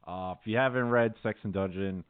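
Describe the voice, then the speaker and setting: A man's voice: lowish voice, fairly quick, smooth. A man co-hosting a podcast, talking in a laid-back, rambling way and laughing often. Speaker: podcast co-host. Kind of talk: casual chat. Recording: tinny phone-like audio.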